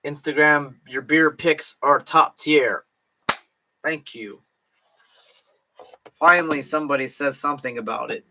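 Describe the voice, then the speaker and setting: A man's voice: fairly high pitch, fairly even intonation, unhurried, pauses often, bright, forceful tone, a little hiss or hum. A drunk young man chatting casually on a late-night livestream, swearing, slurring and laughing to himself. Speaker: streamer.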